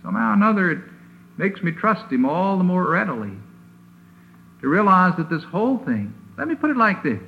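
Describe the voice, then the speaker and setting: A man preaching a sermon in an emphatic, deliberate way, leaning hard on single words, heard on a lo-fi old recording from a chapel. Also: high voice, big pitch swings, vocal fry. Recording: tinny lo-fi old sermon recording with faint hiss.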